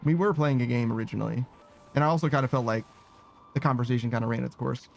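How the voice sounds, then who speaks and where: A man's voice: mid-range voice, fast talker, creaky. A man streaming a game, chatting casually, reading chat aloud and laughing easily. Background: faint game music.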